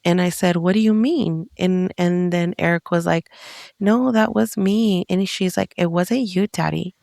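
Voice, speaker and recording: A woman's voice: fairly low pitch, unhurried, gravelly, darkish tone, no room sound, clean studio sound. A woman co-hosting a podcast tells a story casually. She rambles with lots of fillers and acts out the quotes. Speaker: podcast co-host.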